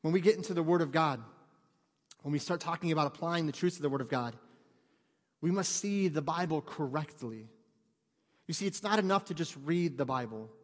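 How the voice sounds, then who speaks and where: Fervent, joking pastor in a reverberant hall. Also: male voice, on the high side, lively intonation, fairly quick, pauses often. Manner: conversational, joking asides, rising to fervent emphasis. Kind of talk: sermon. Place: church sanctuary. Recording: long reverb of a church hall.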